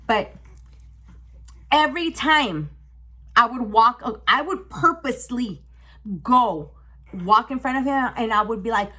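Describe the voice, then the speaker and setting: A young woman telling a storytime on her vlog, emotional and animated, swearing freely. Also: fairly high pitch, measured pace, long pauses. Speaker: vlogger. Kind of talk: casual storytime.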